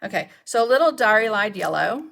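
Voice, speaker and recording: A woman's voice: mid-range voice, big pitch swings, a little fast, gravelly, fairly bright tone. A woman, chatting casually as she demonstrates mixed media art techniques and answers viewers' questions. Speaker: craft instructor. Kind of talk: casual live craft demonstration.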